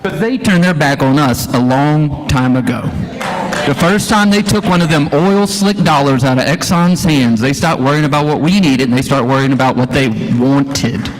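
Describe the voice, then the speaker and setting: A man's voice: a little high, moderate pace, noisy background. A man giving an impassioned, folksy speech at a town hall, firing rhetorical questions at the crowd. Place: church hall, live event.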